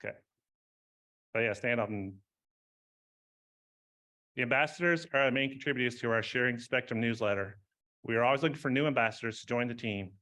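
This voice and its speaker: A man's voice: medium pitch, a little fast, long pauses, bright, forceful tone. Man, informal ceremony speech, rambling, lots of fillers, laughs often. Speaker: speaker at an award ceremony.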